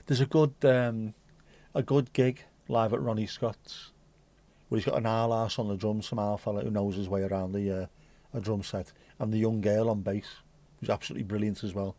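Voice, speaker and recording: A man's voice: lowish voice, flat delivery, normal speed, dark tone. A middle-aged man hosting a casual livestream and chatting in a playful, cheeky, rambling way. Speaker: livestream host.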